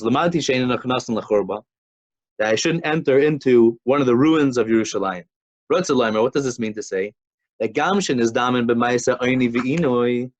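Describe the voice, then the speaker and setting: A man's voice: mid-range voice, muffled recording. A man giving an informal Torah class, talking conversationally with frequent restarts and telling stories. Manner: conversational, many restarts and fillers, storytelling. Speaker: Torah teacher.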